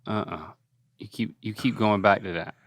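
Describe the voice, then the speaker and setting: A man's voice: on the low side, moderate pace. A man hosting a casual podcast, playfully quizzing and coaching his father on pronunciation. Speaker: podcast host.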